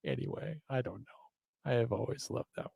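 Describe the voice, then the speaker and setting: A man's voice: medium pitch, vocal fry, warm tone, breathy edge, dry recording. A man hosting a live chat, rambling and self-mocking, laughing often. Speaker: show host.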